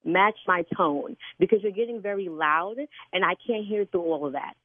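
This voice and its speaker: A woman's voice: medium pitch, brisk, dry recording. An older woman who interprets sign language at church, stern and scolding on a phone call. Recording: tinny phone line.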